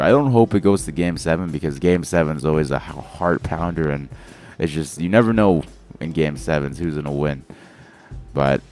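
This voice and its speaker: Low-voiced young man commentating a game. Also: a little mellow. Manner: rambling, self-correcting, groggy morning voice. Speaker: gaming commentator. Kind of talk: casual gameplay commentary.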